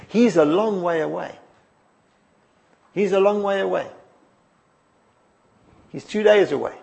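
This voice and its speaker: Man, sermon, high voice, expressive storytelling, soft drops and emphatic rises. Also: takes it slowly, creaky, long pauses. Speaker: preacher.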